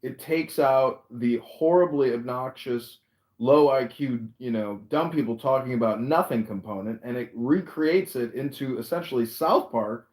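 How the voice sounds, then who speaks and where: A man's voice: medium pitch, normal speed, a little mellow, reverberant. A man hosting a live audio chat room, talking in a brash, rambling way with plenty of swearing. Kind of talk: casual chat.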